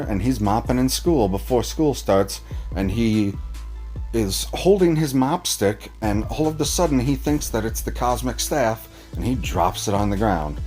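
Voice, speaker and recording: A man recapping a TV episode in a casual, profane, animated way, sarcastic and acting out characters' lines. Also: medium pitch. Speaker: TV episode reviewer.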